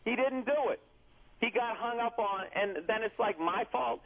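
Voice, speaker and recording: A man's voice: very high-pitched, crowd noise. Indignant man on a thin phone-like line. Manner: indignant, profane, rapid-fire complaining. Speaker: comedian guest. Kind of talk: heated radio argument. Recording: phone-like radio broadcast.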